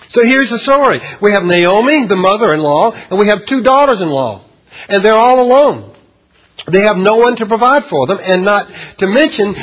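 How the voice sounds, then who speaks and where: A man preaches a sermon in a high-set, somewhat husky voice. He talks in halting stretches and repeats words as he gathers his thoughts. He keeps putting rhetorical questions to his listeners. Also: a bit bright. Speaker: pastor.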